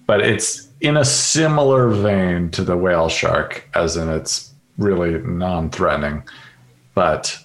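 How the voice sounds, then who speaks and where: A man with a lowish voice chats easygoingly on his podcast, dropping fillers and jokes as he goes. The sound has a noticeable room echo around it. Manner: easygoing, jokey, many fillers. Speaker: podcast co-host. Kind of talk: casual podcast chat. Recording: roomy echo.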